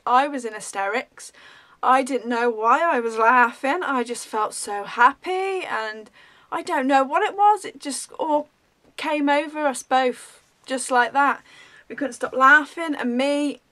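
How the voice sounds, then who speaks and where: A woman vlogger telling a story in a rambling, animated way, full of ums. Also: a little high. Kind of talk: casual storytelling.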